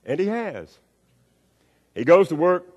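A man preaching a sermon, acting out a story with swings between loud and hushed delivery. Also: big pitch swings, slow, muffled recording. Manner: storytelling with acted-out voices, wide swings in pitch and loudness. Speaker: pastor. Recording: long reverb of a hall.

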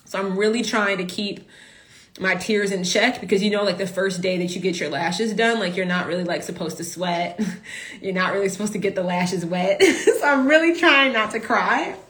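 A woman business coach in a casual live stream, talking emotionally to her followers, repeating herself and filling pauses with "like". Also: fairly low pitch, steady tone, roomy sound. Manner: emotional, repetitive, full of filler "like".

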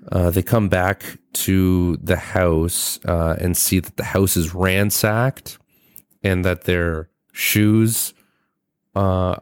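A man with a deep, low voice recaps a film on his podcast, casual and loose. He trails off, restarts and swears freely. The sound is dry and close, with no room echo. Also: darkish tone, clear, resonant tone. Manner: rambling and profane, with many fillers and restarts. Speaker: podcast host. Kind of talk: casual movie review podcast.

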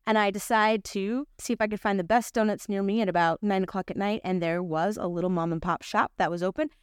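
A middle-aged woman teaching a Bible lesson, telling a personal story with lively voices for the people in it. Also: mid-range voice, clean tone, no room sound, studio quality. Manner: animated storyteller, acts out quoted voices.

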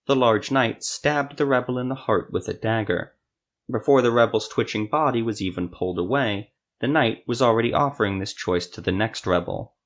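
A man narrating a scripted fantasy story for a podcast in a steady, even storytelling manner. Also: medium pitch, moderate pace.

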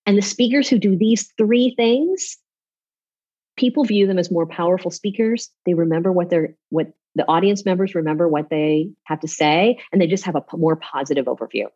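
Animated woman coach, dull lo-fi sound. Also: lowish voice, normal speed, slightly rough. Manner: animated, demonstrating with her voice. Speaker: public speaking coach as a guest. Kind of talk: off-the-cuff interview talk.

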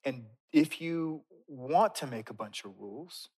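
A man preaching a sermon in a conversational, emphatic way, swinging from loud bursts down to quiet, slow stresses. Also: mid-range voice, animated, husky. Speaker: pastor.

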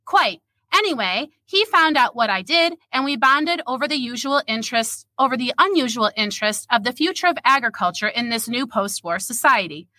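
A woman reading the part of a guarded young newlywed woman in her own story, with a measured, reserved delivery. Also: a little high, animated, sharp tone, no echo. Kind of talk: reading fiction aloud.

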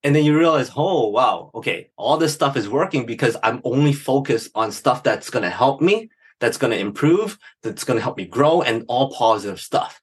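A man's voice: medium pitch, moderate pace, slightly rough. A middle-aged man, a business strategist, talking upbeat as an interview guest and telling stories. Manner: upbeat, animated storytelling with laughs. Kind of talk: casual interview talk.

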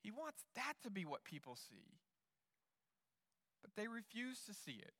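A man's voice: high-pitched, big pitch swings, unhurried, sharp tone, long reverb tail. A male pastor preaching a sermon in an earnest way, often repeating words as he restarts.

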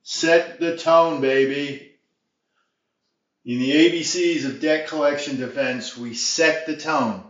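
A man's voice: medium pitch, takes it slowly, long pauses, fairly bright tone, dull audio. Emphatic, folksy man teaching in a roomy space. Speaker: debt defense instructor. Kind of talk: informal video lesson.

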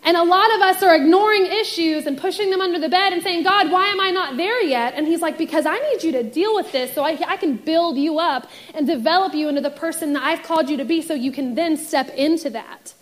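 A woman's voice: extremely high pitch, fairly quick, few pauses. A young adult woman and youth pastor giving a casual sermon, telling a personal story and acting out the voices in it. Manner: animated storytelling, acts out voices in quotes.

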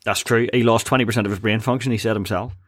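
A young man co-hosting a podcast, recapping a cartoon episode in a chatty, halting way with frequent ums. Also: lowish voice, fairly even intonation, breathy edge, dry recording. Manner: chatty, laughs often, hesitant with ums. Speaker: podcast co-host.

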